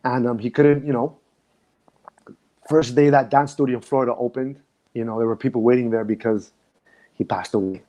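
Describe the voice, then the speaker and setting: A man who works as a dance instructor speaks as a guest in a casual conversation, looking back on his past in a reflective, emotional way and often restarting his sentences. His voice is mellow and medium-pitched, with fairly even intonation, a moderate pace, and long pauses.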